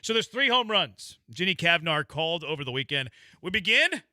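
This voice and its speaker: A man's voice: a little high, very animated, moderate pace, sharp tone, dry recording. A man hosting a sports radio show, joking and playful in casual banter with his co-hosts.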